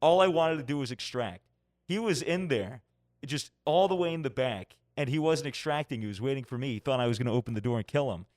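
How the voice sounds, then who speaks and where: Animated swearing man telling game stories. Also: mid-range voice, brisk, no echo, studio quality. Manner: animated storytelling, swears freely. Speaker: podcast co-host. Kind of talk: casual chat.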